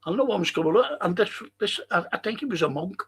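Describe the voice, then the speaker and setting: Older Scouse man hosting a fan podcast live. Rambling, swears a lot, voice sits slightly high. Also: expressive, fast, breathy edge. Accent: Liverpool (Scouse). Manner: rambling, swears freely, reads out chat comments. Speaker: podcast host. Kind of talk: casual live-stream chat.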